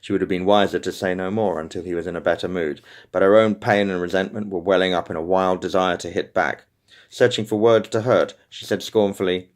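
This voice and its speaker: A man giving an unedited audiobook reading of a romance novel, steady, with small slips and restarts. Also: low-pitched, brisk. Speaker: audiobook reader.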